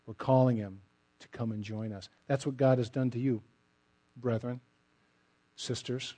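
A middle-aged man preaching a sermon, emphatic and direct, often letting his phrases trail off softly. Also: mid-range voice, fairly even intonation, measured pace. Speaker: pastor.

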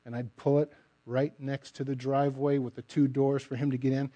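Emphatic preacher man with a dark voice. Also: mid-range voice, little pitch movement, a little fast. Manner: emphatic preaching, with many soft trailing phrase ends. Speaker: pastor. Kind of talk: sermon.

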